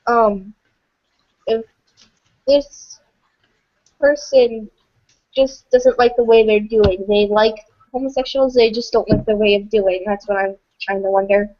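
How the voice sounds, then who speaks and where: A woman's voice: medium pitch, measured pace, long pauses. A woman chatting on a casual livestream, hesitant and apologetic, often stumbling over her words. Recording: dull lo-fi home stream audio.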